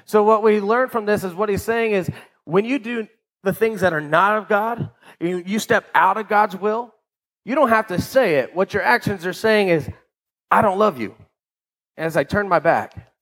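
Conversational male pastor, fairly high voice. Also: moderate pace, fairly bright tone, low-quality recording. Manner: conversational, keeps asking "right?"; repeats words when restarting. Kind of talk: sermon.

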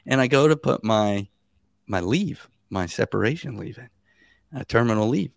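A man in his thirties, a guest on a podcast, telling stories in a casual and animated way, laughing and acting out what people said. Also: lowish voice, moderate pace, creaky, no room sound, studio quality.

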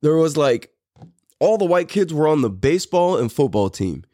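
A man's voice: fairly high pitch, sing-song, moderate pace, warm tone, no room sound, studio quality. A man in his thirties from California, a podcast host telling a story in a loose, profane, rambling way with frequent laughs. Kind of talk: casual storytelling.

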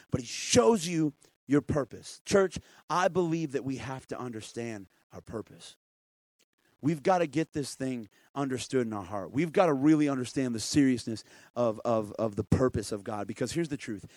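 A male pastor preaching a lively, conversational sermon who often checks in with the congregation. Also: a little high, no echo.

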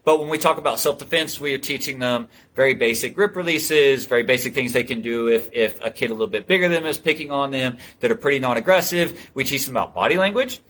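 A man's voice: medium pitch, quick pace, few pauses, fairly bright tone. A man who teaches martial arts, talking earnestly in a casual interview with many restarts. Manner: earnest, storytelling, frequent restarts.

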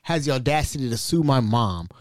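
A man hosting a podcast, telling a family story in a casual, animated and exasperated way. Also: medium pitch, brisk, no room sound, studio quality. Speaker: podcast host.

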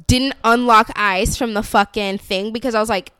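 A woman's voice: fairly high pitch, fairly even intonation, normal speed, bright, forceful tone, clear, resonant tone, dry recording. A woman casually telling a profane story on a podcast, acting out the people in it.

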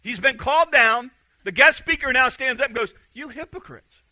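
A man preaching with a bright, high-pitched voice that cuts through. He is animated and acts out the quotes, going loud one moment and hushed the next. The sound is dry and close. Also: a little fast, no echo, rough recording. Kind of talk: sermon.

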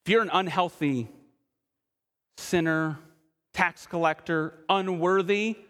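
A man preaching a sermon as pastor, earnest, asking his listeners direct questions and slowing to a hush for emphasis. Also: high-pitched, long reverb tail. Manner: slows and drops quiet for emphasis.

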